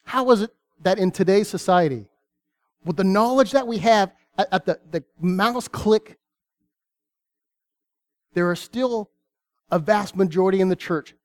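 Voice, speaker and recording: High-voiced earnest male preacher. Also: animated, darkish tone. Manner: earnest, dramatic pauses, reads scripture aloud. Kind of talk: sermon.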